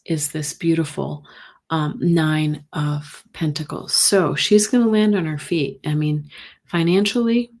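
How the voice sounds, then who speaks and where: A middle-aged woman hosting a live tarot reading stream, talking gently and sympathetically with many pauses and fillers. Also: sits low. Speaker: intuitive reader, host.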